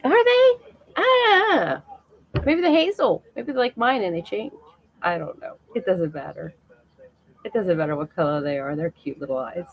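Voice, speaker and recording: A woman's voice: low voice, brisk, creaky, lo-fi sound. A middle-aged woman chatting casually and emotionally on a live stream to her viewers, laughing often.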